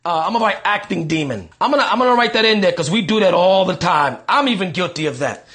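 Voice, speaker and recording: High-voiced upbeat pastor on a livestream. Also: male voice, lively intonation, fairly bright tone. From New York City. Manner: upbeat, repeats quick affirmations. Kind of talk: live-stream chat reading viewer comments.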